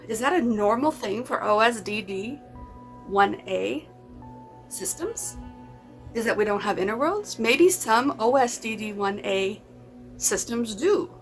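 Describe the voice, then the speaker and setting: A woman's voice: mid-range voice, a bit bright, low-quality recording. A woman vlogging in casual chat to camera, rambling and repeating herself.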